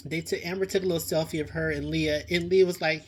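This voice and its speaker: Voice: medium pitch, fast talker, few pauses, a bit bright. A video host giving casual commentary on a reality show, exasperated and dramatic, sighing often and repeating lines for emphasis. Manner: exasperated, dramatic, with frequent sighs and exclamations; addresses people directly and repeats lines for emphasis. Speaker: TV show reviewer, channel host.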